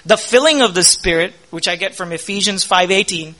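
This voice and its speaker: A man preaches in a high, bright voice. He keeps putting questions to the congregation and answering them himself. He grows louder and more forceful on his key points. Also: fairly quick. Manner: emphatic, rising loud on key points. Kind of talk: sermon.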